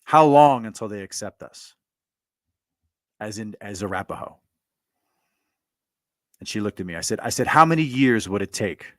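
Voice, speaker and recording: Blunt, stammering man with a low voice. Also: lively intonation, normal speed, pauses often, a bit bright, dry recording, studio quality. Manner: blunt, provocative, repeats himself with stammered restarts. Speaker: commentator telling a personal story. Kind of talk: monologue recounting a conversation.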